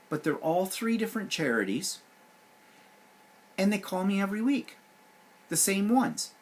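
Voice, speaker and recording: Husky man ranting on his vlog. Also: sits high, a little slow, pauses often. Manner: sarcastic, animated griping. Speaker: vlog host. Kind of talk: casual vlog rant.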